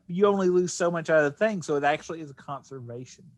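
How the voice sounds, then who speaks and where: A man's voice: fairly high pitch, fast talker, dry recording. A man co-hosting a casual podcast, hesitant and full of ums. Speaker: podcast co-host. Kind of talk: casual chat.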